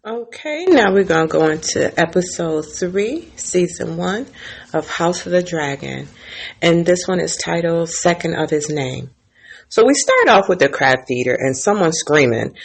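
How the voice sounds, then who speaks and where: A woman's voice: fairly low pitch, expressive, normal speed, creaky, husky. A woman casually recapping TV episodes, chatty and profane, laughing as she tells the story. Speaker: TV recap vlogger.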